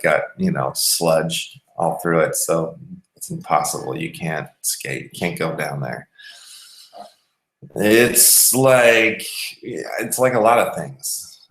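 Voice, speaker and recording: Male podcast host with a low voice, rambling through a casual story in a roomy, echoey room. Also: fairly bright tone. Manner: rambling, restarts mid-sentence.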